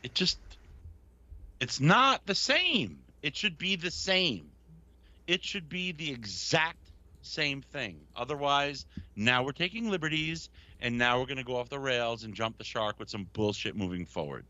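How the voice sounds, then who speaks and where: Man, Brooklyn accent, podcast co-host, blunt, bright edgy tone, dry close sound. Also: medium pitch, lively intonation, measured pace, no room sound, muffled recording. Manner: blunt, swearing, emphatic opinions. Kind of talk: casual chat.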